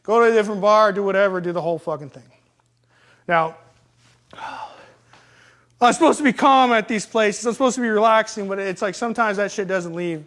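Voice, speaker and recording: High-voiced man telling rambling stories. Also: a little fast, long pauses, fairly bright tone. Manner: profane, rambling, self-mocking. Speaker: storyteller. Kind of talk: casual storytelling. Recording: live stream.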